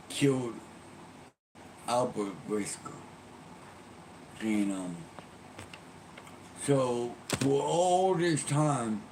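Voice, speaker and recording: Slow-talking man retelling a story. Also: mid-range voice, darkish tone, slight background noise, poor audio. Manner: rambling, many ums and restarts. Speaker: streamer. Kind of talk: casual game plot retelling.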